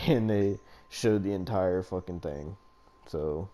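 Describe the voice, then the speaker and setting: A man with a low, mellow voice chats loosely about a wrestling show on a podcast. He rambles, swears freely and breaks into laughs. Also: slow pace. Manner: rambling, profane, laughs often. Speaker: podcast co-host. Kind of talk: casual wrestling recap chat.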